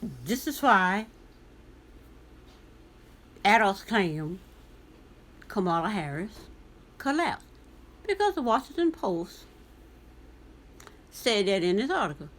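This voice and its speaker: A woman's voice: mid-range voice, big pitch swings, slow pace, long pauses. A woman from the United States vlogging, reading a news article aloud and commenting on it, talking back to the text with pointed questions.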